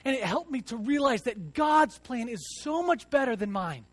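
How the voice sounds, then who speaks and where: High-voiced earnest young man preaching. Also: very animated, moderate pace, no echo. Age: 30s. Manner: earnest, swings between loud emphasis and hushed reflection, repeats words. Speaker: church teacher. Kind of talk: sermon. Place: church, before a congregation.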